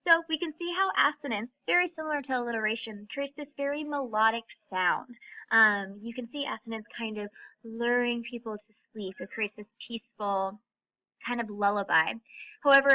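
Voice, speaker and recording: Woman teacher, lecture delivery, bright and a little high, muffled lo-fi sound. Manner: clear, explanatory, reads examples slowly. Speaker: English teacher. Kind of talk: recorded classroom lecture.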